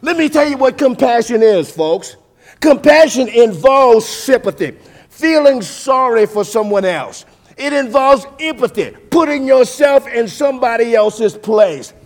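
High-pitched guy preaching, sing-songy, goes from quiet to loud, keeps saying folks. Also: lively intonation, a little slow. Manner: preaching cadence with sing-song rises and big swings in loudness; keeps addressing listeners as folks. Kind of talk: sermon.

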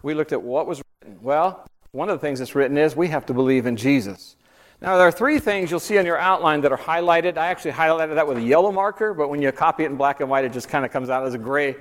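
A man leads a Bible class in a conversational teaching style, walking his listeners through an outline. His voice sits fairly high for a man. When he drives home a point, his pitch climbs and he grows emphatic. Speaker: church teacher.

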